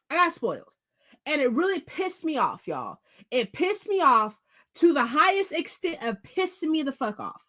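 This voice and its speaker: A woman hosting a book vlog, chatting casually to her viewers at home, animated and profane, repeating phrases for emphasis. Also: sits high, moderate pace. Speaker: book vlogger host. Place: indoors at home.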